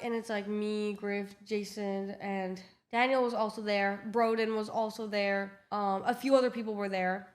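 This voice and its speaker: A young woman telling a casual storytime vlog, chatty and full of swearing and filler words, acting out what everyone said. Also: a little high. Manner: chatty, swears a lot, lots of "like", acts out quotes.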